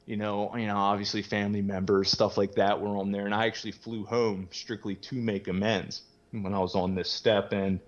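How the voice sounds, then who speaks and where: Low-voiced man, candid and rambling. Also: lo-fi sound. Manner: rambling, frequent "you know" fillers, casual swearing, laughs easily. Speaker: podcast guest sharing his recovery story. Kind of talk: casual candid conversation.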